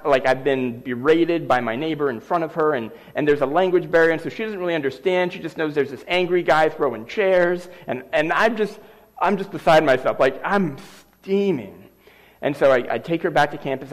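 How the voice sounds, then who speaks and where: A middle-aged man preaching a sermon, telling a personal story with lively, animated delivery. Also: on the high side. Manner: animated storyteller acting out scenes. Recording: long reverb of a large hall.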